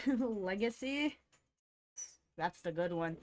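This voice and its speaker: A woman's voice: on the high side, lively intonation, slow pace, long pauses. A woman streamer chatting casually with her live chat, greeting viewers by name and laughing often.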